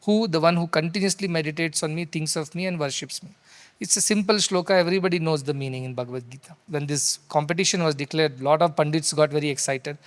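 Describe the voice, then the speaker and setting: A man's voice: fairly high pitch, fast talker. A middle-aged man, giving an earnest storytelling sermon with rhetorical questions and Sanskrit verses. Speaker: spiritual teacher. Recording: long hall reverb.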